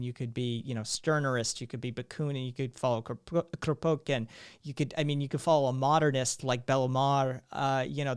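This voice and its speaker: A man's voice: mid-range voice, smooth. A man hosting a live stream, talking in a rambling way with lots of fillers and restarts. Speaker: streamer host.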